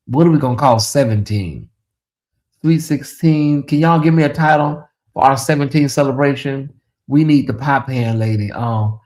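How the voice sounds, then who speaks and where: A man's voice: mid-range voice, a little mellow. A man hosting a casual late-night livestream in a chatty, drawling way, reading viewer comments aloud and talking to the audience as "y'all". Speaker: livestream host.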